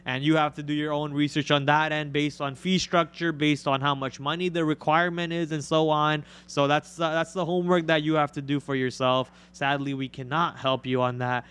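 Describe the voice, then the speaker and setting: A man's voice: a little high, fairly even intonation, normal speed, few pauses, fairly bright tone, clean tone. A man with a Canadian accent co-hosting a trading livestream, chatting casually and joking, with plenty of fillers. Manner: joking, rambling, lots of fillers.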